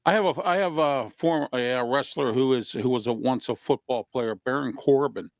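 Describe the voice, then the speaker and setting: Male guest, gravelly, halting, filler-heavy, dry close sound. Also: mid-range voice, no echo. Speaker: wrestling guest. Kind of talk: casual talk show chat.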